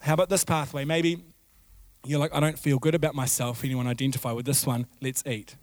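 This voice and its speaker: A man preaching a sermon as pastor, animated, with sudden shouted outbursts and repeated phrases. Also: on the high side, fast talker, dry recording.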